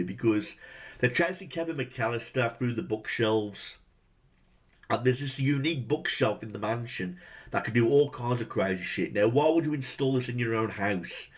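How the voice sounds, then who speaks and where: A man's voice: mid-range voice, moderate pace. A man ranting through a movie review, exasperated and swearing heavily, firing off rhetorical questions.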